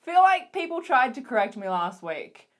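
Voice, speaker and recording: A young woman with an Australian accent chats straight to her viewers in a casual recap vlog. Her voice sits a little high, and she gushes, giggles and trips over fillers as her excitement runs ahead of her. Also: moderate pace. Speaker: vlogger.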